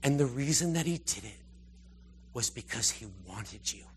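A man giving an informal, conversational sermon, retelling scripture with animated asides. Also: mid-range voice, normal speed, a little hiss or hum. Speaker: preacher.

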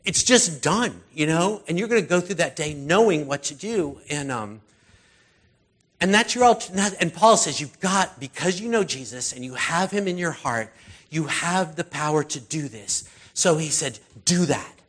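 A man's voice: fairly high pitch, expressive, moderate pace, a bit bright. A middle-aged male pastor giving a sermon in a loose, conversational way, with many fillers and restarts.

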